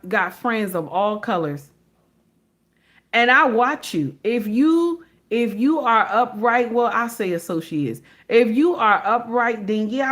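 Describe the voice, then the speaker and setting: A woman's voice: a little high, fairly bright tone. Slangy, emphatic woman hosting a livestream. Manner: emphatic, repeats her points; slangy, informal speech. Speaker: livestream reaction host. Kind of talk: casual livestream commentary.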